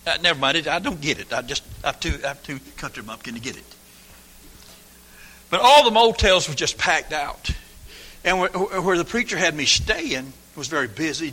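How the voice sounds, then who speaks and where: An older man preaching a folksy sermon, swinging from hushed asides to shouted lines in a church. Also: a little high. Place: church sanctuary. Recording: long hall reverb.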